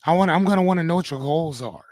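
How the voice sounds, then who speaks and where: This male host of a live-streamed motivational talk talks very fast in a slightly mellow voice on the high side, with no room sound. He's casual and profane, and he keeps asking "right?"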